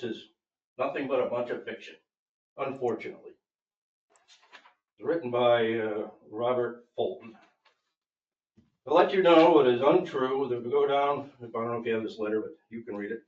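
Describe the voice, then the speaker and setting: Speaking at moderate pace with frequent pauses, a man with a mid-range voice uses the public comment period of a board meeting to tell an aggrieved, emphatic story about his property, quoting others along the way. The distant mic gives a roomy sound with the highs cut off.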